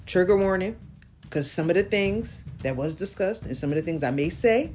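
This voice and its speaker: Lively low-voiced woman hosting a podcast. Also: moderate pace, soft background music. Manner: slangy, animated, keeps checking in with listeners. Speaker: podcast host. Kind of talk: casual chat recapping an interview.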